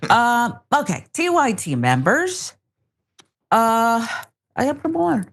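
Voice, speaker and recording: A woman's voice: a little high, wildly swooping pitch, slow pace. A woman hosting a live stream show, chatting casually and reading viewer comments with playful laughter. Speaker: show host.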